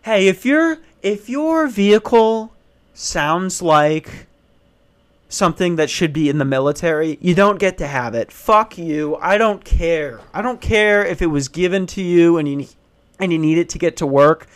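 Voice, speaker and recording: A young man rants in a small back office, swearing freely and dripping with sarcasm. His voice sits a little high for a man, and he sounds openly exasperated. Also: moderate pace, a bit bright, clear, resonant tone. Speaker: comedic ranter. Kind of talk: casual comedic rant.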